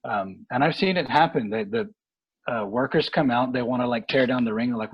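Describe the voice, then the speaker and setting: A man chats about boxing in a loose, rambling way, stopping and restarting his sentences. His voice is husky and a little breathy. The sound is dull and lo-fi, like a remote line. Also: mid-range voice. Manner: rambling, halting with many fillers and restarts. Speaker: boxing analyst guest. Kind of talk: casual podcast chat.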